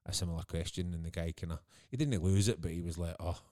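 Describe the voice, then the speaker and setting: A man's voice: low-pitched, fast talker, darkish tone. A Scottish man in his thirties, co-hosting a podcast and telling stories in casual chat, laughing often. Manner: chatty storyteller, laughs often. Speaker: podcast co-host.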